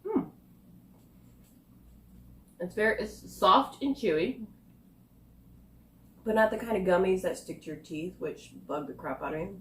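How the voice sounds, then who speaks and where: A woman reviewing snacks in a casual taste-test vlog, chatting and thinking aloud with quiet asides. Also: lowish voice, measured pace, long pauses. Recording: echoey room.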